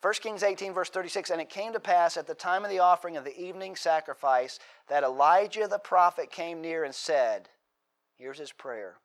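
A man's voice: fairly high pitch, moderate pace. A middle-aged man preaching a sermon, reading scripture aloud with emphatic delivery and frequent word repetitions. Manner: emphatic preaching, repeats words, dramatic acted quotes. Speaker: pastor.

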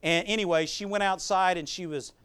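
A pastor preaching a sermon, reading scripture and swelling into loud, emphatic preaching with conversational asides. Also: male voice, sits high, a little fast, clean tone. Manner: conversational asides with fillers and restarts.

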